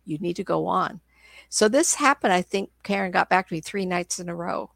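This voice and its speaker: Older woman with a sore throat, gravelly. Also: on the low side, lively intonation, fairly quick, a bit bright, no room sound, studio quality. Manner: rambling, with frequent restarts. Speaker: psychic medium guest. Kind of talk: casual conversational storytelling.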